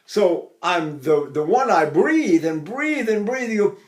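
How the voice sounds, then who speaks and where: A man's voice: high-pitched, big pitch swings, a little slow. An older man teaching singing, chatting casually and breaking into sung syllables to demonstrate. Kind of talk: vocal lesson with sung demonstrations.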